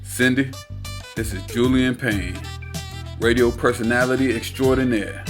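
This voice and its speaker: A man voicing a cocky, teasing, smooth-talking womanizer in an audiobook. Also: medium pitch, a little slow, faint music behind, lightly acted. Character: smooth-talking womanizing male friend, adult, brash.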